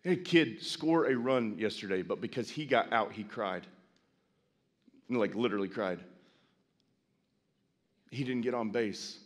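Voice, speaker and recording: A middle-aged man preaching a sermon as pastor, folksy with self-deprecating asides, building to loud, impassioned preaching. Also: on the low side, unhurried, long pauses. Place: large church sanctuary. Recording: long church hall reverb.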